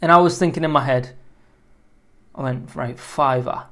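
A man's voice: fairly high pitch, normal speed, a bit bright. A man who runs a lawn care business, telling a rambling story as advice, full of "you know" asides. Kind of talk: casual storytelling advice talk.

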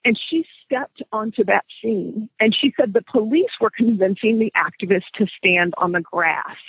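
A man with a high, very husky voice tells a story as a podcast host, leaning hard on repeated phrases. The sound is dry and thin, like a phone line. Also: normal speed, no echo. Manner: emphatic, repeats phrases for weight. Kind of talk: conversational storytelling.

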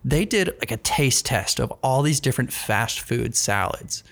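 A man co-hosting a podcast in casual chat, with vocal fry and a rambling, self-mocking sarcastic manner. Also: mid-range voice, animated, moderate pace, a bit bright. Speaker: podcast co-host.

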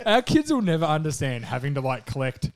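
A man in his thirties with a slightly high voice, co-hosting a relaxed podcast. He laughs and jokes his way through stories about his young kids. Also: fairly quick, noisy background. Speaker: podcast co-host. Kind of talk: casual chat.

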